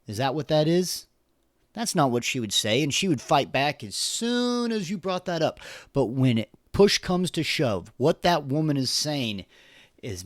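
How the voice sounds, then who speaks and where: A man's voice: fairly high pitch, big pitch swings, measured pace, dry recording, clean studio sound. A man hosting a solo opinion podcast, talking earnestly and with passion, often repeating words as he gathers his thoughts. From United States. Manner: earnest, impassioned, repeats words while searching for them. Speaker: podcast host.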